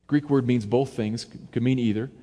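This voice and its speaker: A man's voice: medium pitch, steady tone, moderate pace, in a large hall. A man preaching a verse-by-verse sermon in a conversational way, now and then acting out quotes with more force. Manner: conversational, varies loudness for emphasis, acts out quotes. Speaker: pastor. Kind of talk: expository sermon.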